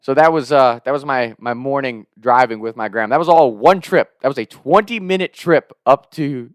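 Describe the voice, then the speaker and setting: A young man in his twenties telling a wild story in a casual, animated way, swearing and laughing as he goes. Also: medium pitch, moderate pace, no echo, clean studio sound. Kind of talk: casual spoken anecdote.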